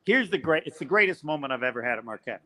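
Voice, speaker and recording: Bright-voiced older man telling stories. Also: fairly high pitch, quick pace. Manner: animated storyteller, acts out quoted voices. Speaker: guest, college basketball play-by-play announcer. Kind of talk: storytelling in a podcast interview.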